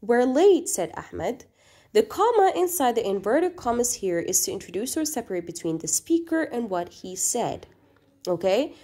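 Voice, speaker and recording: Her voice mid-range, sing-song, and dark in tone, a woman moves at a moderate pace through a recorded grammar lesson. She explains with patience, checks in often with the class, and dramatizes quoted sentences in a raised voice.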